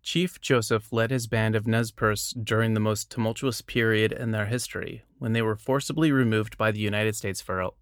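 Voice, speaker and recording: A man's voice: lowish voice, a bit bright, dry recording, clean studio sound. A man reading short biographies and quotes aloud, breaking off now and then for casual asides and small self-corrections.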